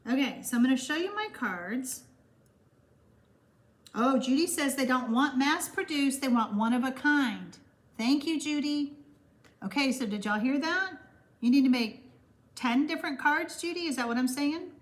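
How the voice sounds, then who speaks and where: High-voiced Texan woman live-streaming. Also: expressive, normal speed, pauses often. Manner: warm, gushing, rambling with fillers. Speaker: card-making live stream host. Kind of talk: chatty live stream, reading viewer comments aloud.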